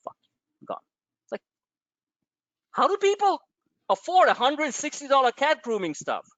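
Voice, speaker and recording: Animated, profane trading webinar host. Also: male voice, very high-pitched, moderate pace, no echo. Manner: animated, profane, tangents into personal stories. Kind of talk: live market webinar, casual.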